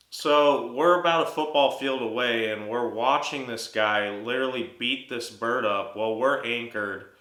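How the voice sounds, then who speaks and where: A man's voice: medium pitch, pushed and bright, echoey room, low-quality recording. A man telling his viewers a story from a fishing trip, agitated and full of restarts. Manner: agitated, retelling an angry story with many restarts. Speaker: fishing vlogger. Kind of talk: storytelling to camera.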